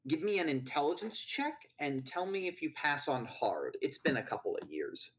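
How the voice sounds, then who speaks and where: A man's voice: a little high, big pitch swings, moderate pace, fairly bright tone, poor audio. A man narrating as game master in a tabletop game, loose and rambling with lots of fillers.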